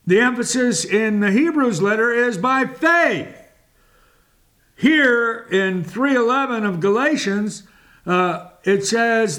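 A man preaching a sermon in a deliberate, emphatic way, with long pauses between phrases. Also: high-pitched, animated, a bit bright.

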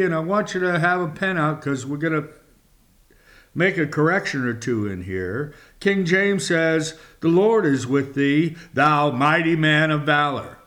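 Guy preaching slow and dramatic, high voice that swoops all over, reads scripture then explains it. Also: a bit bright. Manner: dramatic, swooping emphasis, drops to a whisper; slow and deliberate. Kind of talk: sermon reading and expounding scripture.

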